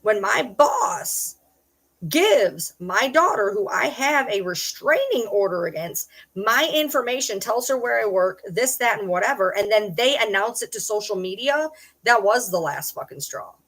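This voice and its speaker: A woman's voice: medium pitch, big pitch swings, unhurried, fairly bright tone, husky. A middle-aged woman hosting a livestream, ranting in an agitated way, swearing and repeating herself. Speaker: livestream host. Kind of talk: livestream rant.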